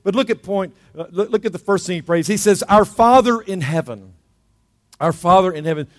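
A middle-aged man preaches with a hoarse, slightly high voice. He is emphatic and repeats key words to drive them home. His voice rings with the long reverb of a big church hall. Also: a little fast. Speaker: pastor. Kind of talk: sermon. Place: church sanctuary.

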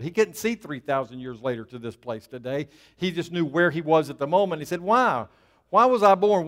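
A man preaching a sermon, emphatic and plainspoken, dropping asides to the congregation. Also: a little high. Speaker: pastor.

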